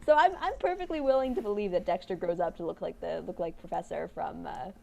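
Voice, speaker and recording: A woman in her twenties co-hosting a casual chat, talking in animated, rambling bursts with many restarts and laughs. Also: fairly low pitch, fast, gravelly. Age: 20s. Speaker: podcast co-host.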